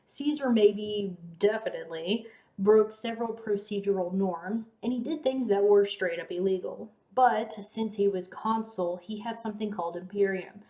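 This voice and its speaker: A woman's voice: mid-range voice, darkish tone. A woman lecturing on history in a chatty, self-deprecating way, with fillers and small laughs. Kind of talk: casual recorded lecture. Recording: roomy, dull lo-fi lecture recording.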